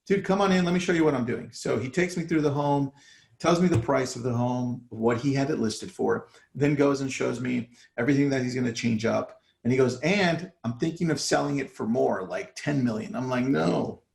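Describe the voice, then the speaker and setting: A man's voice: mid-range voice, gravelly, a little mellow, roomy sound. A man coaching real estate agents in a casual live talk, acting out his phone calls with sellers. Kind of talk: live online training talk.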